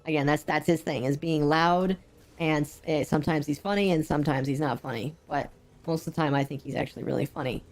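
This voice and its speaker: A woman streamer chatting casually over her gameplay, rambling with frequent ums, and sounding unwell and low on energy. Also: steady tone, a little fast, a little mellow, soft background music.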